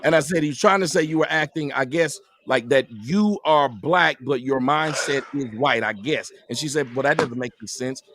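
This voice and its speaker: A man arguing emphatically on a live-stream panel, sometimes rising to a shout. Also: medium pitch, normal speed, hardly any pauses. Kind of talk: heated live-stream debate.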